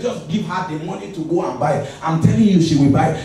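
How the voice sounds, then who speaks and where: A high-pitched man with a Nigerian English accent preaches a lively sermon and acts out the congregation's habits in quick skits. He keeps coming back to a refrain. He is heard from a distance in a very echoey hall. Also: faint music behind. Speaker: pastor. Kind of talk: lively church sermon with call and response. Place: large church hall.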